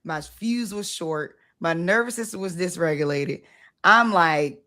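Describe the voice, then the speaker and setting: Blunt animated woman chatting on her show, bright forceful voice. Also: fairly low pitch, measured pace. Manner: blunt, animated, acts out her own past self. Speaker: host, founder of the organization. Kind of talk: casual conversation.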